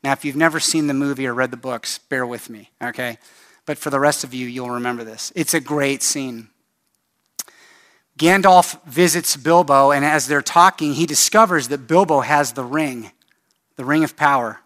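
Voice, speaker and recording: A man's voice: medium pitch, normal speed, fairly bright tone. A male pastor preaching a sermon in an earnest, emphatic storytelling style with pleading appeals.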